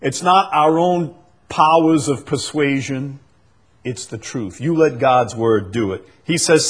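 Husky-voiced preacher, slow and dramatic. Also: male voice, animated. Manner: swings from loud emphatic peaks to soft low drops, stretches key words. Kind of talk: sermon.

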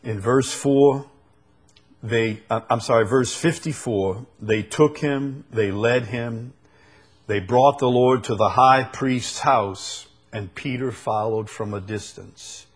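A male preacher with a New Orleans accent reads scripture and explains it verse by verse. His mid-range voice has a breathy edge, and his deliberate delivery rises into emphatic bursts.

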